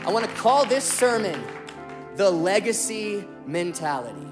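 Animated young male preacher telling jokes. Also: sits high, unhurried, music in the background. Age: 20s. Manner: animated, joking, acts out quotes. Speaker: pastor. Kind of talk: sermon with humorous storytelling.

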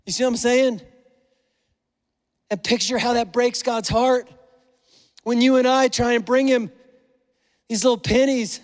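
Middle-aged male pastor, high voice, earnest and emotional sermon delivery, heard in a reverberant church hall. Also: fairly even intonation, a little slow, long pauses. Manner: emotional, earnest, conversational preaching.

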